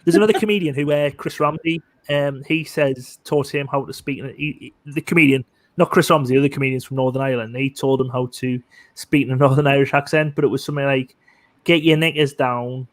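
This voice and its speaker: A man's voice: medium pitch, fast, no echo. A man chatting over a video call, telling stories in a rambling, stop-start way. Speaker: guest.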